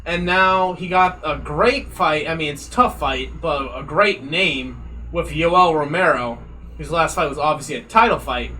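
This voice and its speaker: Male podcast co-host, bright and pushy tone, casual crude banter. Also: on the high side, unhurried, low-quality recording.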